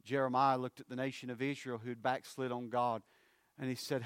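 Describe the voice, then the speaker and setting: Preacher guy, swings from big rising calls to low hushed bits, dry sound. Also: little pitch movement, a little fast, clean tone, dry recording. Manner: swings between loud, rising appeals and low, hushed phrases. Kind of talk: sermon.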